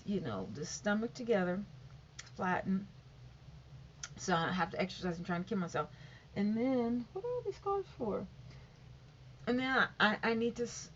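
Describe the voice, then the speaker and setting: A woman chatting casually to her viewers, rambling and often saying "you know". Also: mid-range voice. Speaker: vlogger. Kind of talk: casual chat to camera. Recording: dull lo-fi sound with faint noise.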